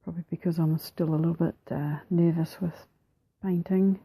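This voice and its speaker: A woman with a New Zealand accent narrating her craft process over a time-lapse, soft-spoken and relaxed, often slipping into a whisper, a little self-deprecating. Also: lowish voice, moderate pace, slightly rough, dry recording, rough recording. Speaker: mixed media artist.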